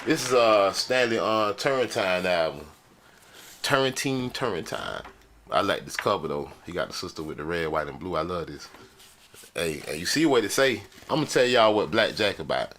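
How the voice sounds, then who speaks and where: A man's voice: deep voice, animated, moderate pace, a bit bright. Guy rambling to his viewers, joking and slangy, lots of chatter and noise behind him. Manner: loose, slangy, joking, talks straight to the audience. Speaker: vlogger showing his record collection. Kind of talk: casual chat to viewers.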